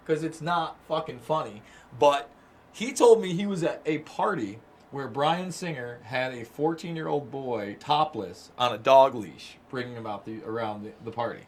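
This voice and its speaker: A man's voice: mid-range voice, moderate pace. A man hosting a casual livestream chat, emphatic and profane. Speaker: host.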